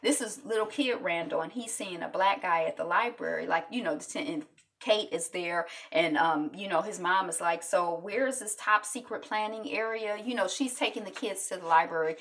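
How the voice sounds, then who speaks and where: A woman's voice: fairly low pitch, moderate pace, fairly bright tone, recorded from a distance. Chatty woman retelling a TV episode. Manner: chatty, acts out lines from scenes. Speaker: TV recap vlogger. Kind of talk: casual recap chat.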